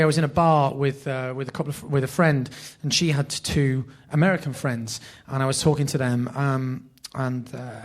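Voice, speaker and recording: A man with a northern English accent, a podcast guest telling animated, self-deprecating, sweary anecdotes. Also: medium pitch. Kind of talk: anecdotal storytelling.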